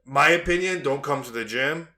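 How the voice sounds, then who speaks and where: Bright-voiced male podcast host. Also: on the high side, normal speed. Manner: animated storytelling, acts out quarrels. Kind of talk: casual chat.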